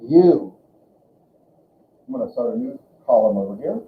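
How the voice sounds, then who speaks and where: A male teacher giving a classroom language lesson, slowly drawing out sounds as he demonstrates them. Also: mid-range voice, big pitch swings, a little hiss or hum. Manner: slow, drawn-out demonstration of sounds. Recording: echoey classroom over a tinny line.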